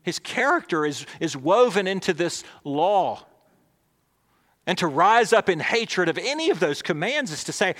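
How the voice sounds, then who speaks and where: A male pastor preaching a sermon, swinging between emphatic, raised lines and hushed, near-whispered ones. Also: a little high, big pitch swings, normal speed, in a large hall.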